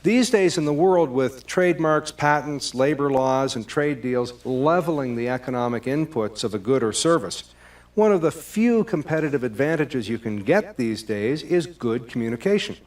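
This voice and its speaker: A man speaks as a presenter, giving a scripted talk on communication. He tells it like a lively storyteller and is given to acting out little scenes. His voice has a middle pitch and is picked up from some distance away from the mic. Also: normal speed. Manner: lively storyteller, acts out both sides of a call. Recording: distant microphone.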